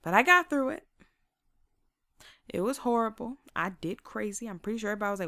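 A young woman casually telling her own stories in a lively, motivational way, laughing often and acting out what she said back then. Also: medium pitch, quick pace, creaky, long pauses, no room sound, studio quality. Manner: faith-inflected, motivational.

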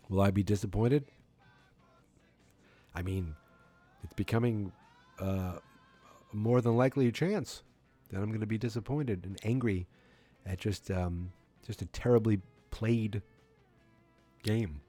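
A man's voice: on the low side, unhurried, long pauses, dark tone, soft background music. A man hosting his own sports podcast late at night, tired and yawning, ranting in a dejected, sarcastic way with some swearing. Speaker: podcast host. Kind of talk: solo sports podcast rant.

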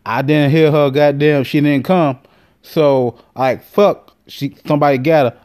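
A man hosting a podcast, telling a comic story in an animated, profane way with many fillers. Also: a little high, measured pace. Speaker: podcast host. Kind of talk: comedic storytelling monologue.

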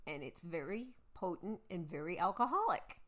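A woman co-hosting a casual chat, telling a story with animated delivery, laughing often and acting out quotes. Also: on the low side, moderate pace. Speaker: podcast co-host; mother.

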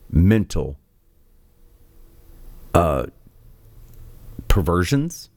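A man with a low voice hosts a political commentary rant, his tone sarcastic and scornful. His pitch swings widely as he mocks and scoffs. The sound is dry and close. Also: lively intonation, moderate pace, no echo. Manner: sarcastic, scornful, filler-heavy. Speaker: commentary show host.

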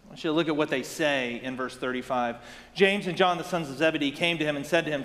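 A man's voice: a little high, fairly even intonation, quick pace, fairly bright tone. Preaching man in a reverberant hall. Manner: conversational preaching with rhetorical questions. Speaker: pastor. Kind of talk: sermon.

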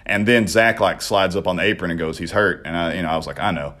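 Man, lower pitch, casual podcast chat, swears freely, animated storytelling. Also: fast. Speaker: podcast co-host and wrestler.

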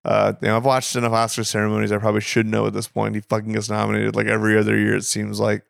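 Gravelly man chatting about movies. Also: on the low side, monotone, racing, dry recording, studio quality. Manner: laughs often, rambling with restarts. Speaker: podcast co-host. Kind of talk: casual film chat. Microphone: studio microphone.

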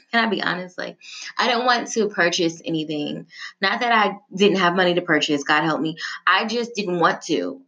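A woman giving a prayer and a sermon-style talk, chatty and animated, with slang and asides. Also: medium pitch. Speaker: devotional speaker. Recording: dull lo-fi sound with faint music.

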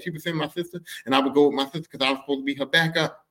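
High-voiced man telling a profane story. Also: rapid-fire. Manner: animated, profane, shifts into character voices. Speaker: podcast host. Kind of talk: comic personal storytelling.

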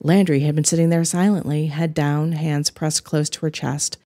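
A woman narrating a story as its author, in an even, measured reading. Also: deep voice, no echo, clean studio sound.

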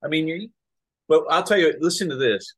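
A man hosting a casual talk show, telling stories in an animated way and acting out quoted voices. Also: a little high, brisk, breathy edge. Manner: animated storyteller, acts out quotes. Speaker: podcast host. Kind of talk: casual storytelling chat.

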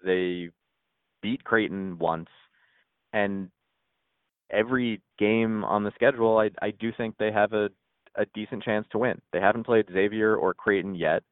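A man's voice: on the low side, a little slow, dry recording. A man co-hosting a podcast in casual sports chat, rambling with many restarts. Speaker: podcast co-host. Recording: tinny phone-like line.

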